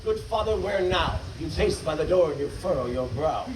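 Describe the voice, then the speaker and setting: A man's voice: on the high side, lively intonation, normal speed, echoey room, distant mic, noisy background, lightly acted. A man reciting as a worried child. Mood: earnest. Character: worried child questioning his father.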